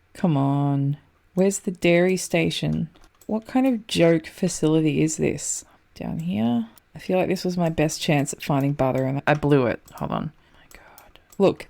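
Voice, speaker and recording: Young Australian woman, low gravelly voice, chatty frantic game commentator who swears under her breath. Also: a little mellow. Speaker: streamer playing a map game. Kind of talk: casual gameplay commentary.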